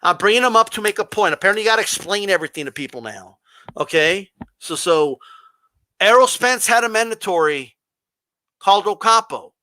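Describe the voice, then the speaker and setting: A man's voice: sits high, a little fast, no room sound. A man hosting a boxing livestream, answering chat in a combative, confrontational way with pointed rhetorical questions. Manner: mocks a flat monotone voice. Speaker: boxing channel host reading live chat. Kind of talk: livestream talk.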